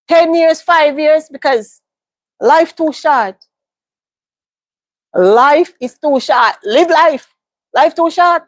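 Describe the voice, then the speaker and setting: High-voiced woman, dry sound. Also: no echo. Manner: emphatic, repeats phrases for stress. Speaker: livestream host. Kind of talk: casual advice monologue.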